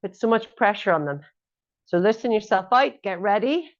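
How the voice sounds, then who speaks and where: A woman's voice: medium pitch, lively intonation, moderate pace. A woman fitness instructor coaching a workout class, giving encouraging cues and joking asides. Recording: dull lo-fi audio.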